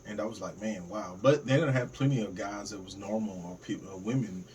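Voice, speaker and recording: A man's voice: lowish voice, brisk, slight background noise. A man chatting casually in a podcast, agreeable and full of slang. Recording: distant mic, loud group chatter.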